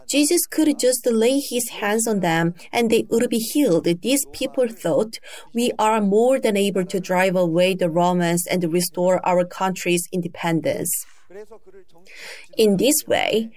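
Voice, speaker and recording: A woman preaching a sermon, retelling a Bible story in a deliberate storytelling manner. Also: medium pitch. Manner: slow, deliberate storytelling with emphatic raised cries for quoted shouts.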